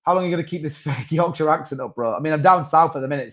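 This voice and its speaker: A man's voice: on the high side, very fast, few pauses. A man hosting a crypto livestream, talking casually and rambling with restarts and asides. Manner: rambling, chatty, with many restarts and asides to chat. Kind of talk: casual live-stream market commentary.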